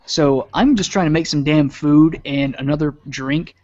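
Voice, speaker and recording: A man's voice: fairly high pitch, moderate pace, a little mellow, highs cut off. A young male streamer talks in a loose, rambling way. He swears freely and laughs often. He sounds like a casual live-stream host.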